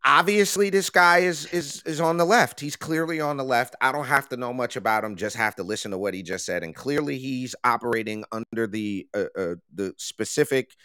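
A man's voice: medium pitch, brisk, few pauses, bright, forceful tone, clean tone, dry recording, studio quality. A man co-hosting a political talk show, explaining meeting rules in an emphatic, lecturing way. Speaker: co-host. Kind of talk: political commentary chat.

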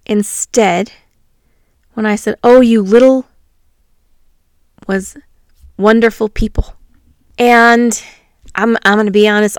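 A woman, a teacher, telling a personal story from her classroom in a reflective, earnest way, pausing often. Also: mid-range voice, gravelly, clear, resonant tone, no room sound, clean studio sound. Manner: reflective, earnest, with pauses and fillers.

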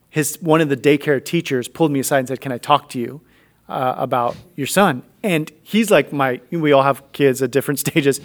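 A man in his thirties telling a family story in a faith conversation, acting out the voices in it. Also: mid-range voice. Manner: animated storyteller acting out dialogue.

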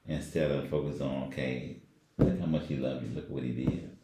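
Rumbling low at a moderate pace, a man reflects on scripture with fairly even intonation. The casual Bible study discussion finds him rambling and using many fillers, in a room that echoes with faint noise.

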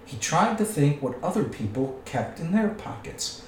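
A man reading a storybook aloud with expressive storytelling. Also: a little high, moderate pace, far from the mic, background noise. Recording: echoey room, away from the mic.

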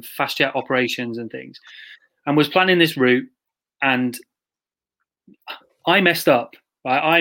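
Brief: podcast co-host, chatty storyteller, slightly high voice. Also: male voice, a bit bright. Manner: chatty anecdotal storytelling with laughs, quoting others. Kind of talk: casual podcast chat.

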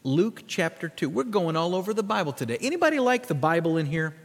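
Emphatic high-voiced male preacher in a big hall. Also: big pitch swings, quick pace. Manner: emphatic, building to loud peaks and dropping low; asks the congregation to repeat words and follow in their Bibles. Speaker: pastor. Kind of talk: sermon. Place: church sanctuary. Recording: long reverb of a large church hall.

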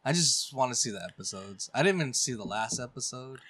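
A man's voice: medium pitch, animated, fairly quick, fairly bright tone, slightly rough, no echo. A man co-hosting a podcast, chatting in a laid-back way and swearing casually. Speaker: podcast co-host. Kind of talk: casual chat.

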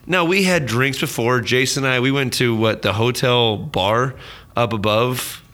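A man's voice: medium pitch, a little slow, a bit bright. A man co-hosting a casual podcast, telling a story with frequent laughs and swearing. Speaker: podcast co-host. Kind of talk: casual chat.

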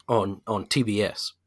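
A man's voice: on the low side, steady tone, slow. A man hosting a podcast in casual chat, swearing freely and explaining games with lots of fillers. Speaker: podcast host.

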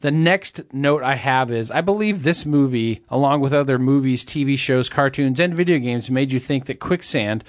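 A man's voice: mid-range voice, moderate pace, few pauses, no echo. A man co-hosting a podcast, chatting casually about a movie, joking and laughing often and trailing off mid-thought. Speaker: podcast co-host.

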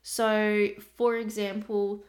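A chatty woman hosting her own podcast as a nutrition coach, talking straight to her listeners in a relaxed, conversational way. She's from Australia and keeps breaking into quick asides that mimic her clients. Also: mid-range voice. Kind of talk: casual solo podcast talk.

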